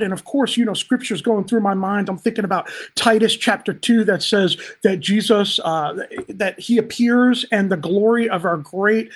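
A man's voice: high voice, normal speed. A man speaking as a pastor on a livestream, upbeat and talking straight to viewers in the chat. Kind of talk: livestream Bible teaching.

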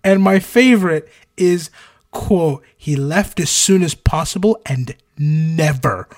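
A man's voice: a little high, expressive, slow pace, darkish tone. A man hosting a casual podcast, telling stories with jokes and many fillers. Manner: joking, storytelling, many fillers. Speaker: podcast host.

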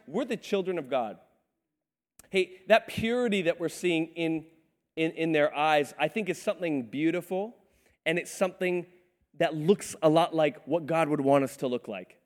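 A man preaching a sermon as a pastor, telling lively stories about his children and laughing often. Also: on the high side, long reverb tail. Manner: animated, storytelling, laughing often.

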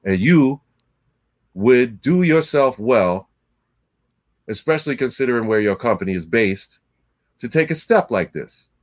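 A man in casual conversation, speaking at an ordinary middle pitch. He talks bluntly and passionately, often with profanity. He acts out both sides when he retells an exchange. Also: expressive, unhurried, pauses often. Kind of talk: casual chat, storytelling.

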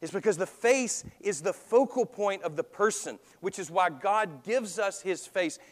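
A man's voice: high-pitched, lively intonation, measured pace, big-room sound. A man preaching a sermon as pastor, talking conversationally and asking the congregation questions.

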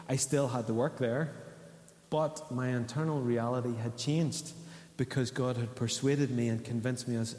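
A man's voice: mid-range voice, warm tone. A man, preaching a sermon in a conversational way and asking the congregation questions. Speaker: pastor. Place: church hall. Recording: echoey church hall.

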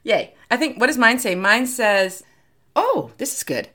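A woman's voice: sits high, big pitch swings, a little slow, sharp tone, a little hiss or hum. A woman co-hosting a podcast in casual chat, rambling, giggly and self-deprecating. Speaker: podcast co-host.

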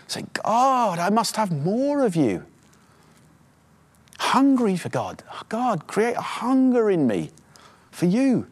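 A man preaching a sermon as pastor, exhorting his listeners fervently, his voice climbing in pitch as he urges them on. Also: breathy edge. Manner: quieter, halting prayer. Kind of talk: sermon with closing prayer.

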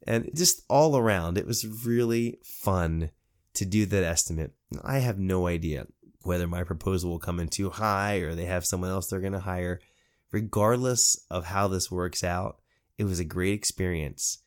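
Man, cleaning business owner, casual storyteller, slightly low voice, animated delivery acting out dialogue. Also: normal speed. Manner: animated, quotes people in lively voices; encouraging, preachy at the end.

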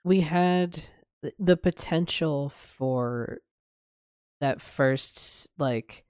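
Man from the US, podcast co-host, smooth clear voice, dry close sound, relaxed and hesitant. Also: a little high, extremely slow, no room sound. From United States. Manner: relaxed, hesitant, many fillers, laughs easily. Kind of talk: casual discussion.

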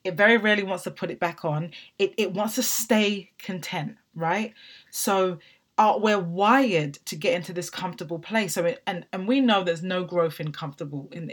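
A woman's voice: lowish voice, husky. A woman in her thirties giving an emphatic motivational talk, asking rhetorical questions and checking in with "right?". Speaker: motivational podcast host.

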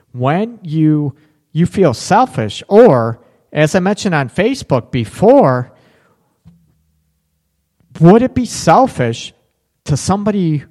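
A man's voice: medium pitch, a little mellow. A middle-aged man hosting a live relationship advice show, chatting casually and reading out viewer comments. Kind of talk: live call-in advice talk.

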